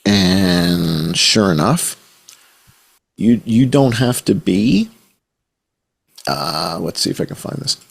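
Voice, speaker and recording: Male podcast guest, husky and gravelly, lively storyteller with casual swearing. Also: low-pitched, slow, long pauses. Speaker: guest journalist. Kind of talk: podcast conversation.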